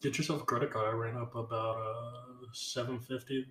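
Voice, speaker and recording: Tired deadpan young man, roomy echo. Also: medium pitch, moderate pace. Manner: deadpan, mumbly, sarcastic. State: tired and run-down. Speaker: podcast co-host. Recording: roomy with faint background noise.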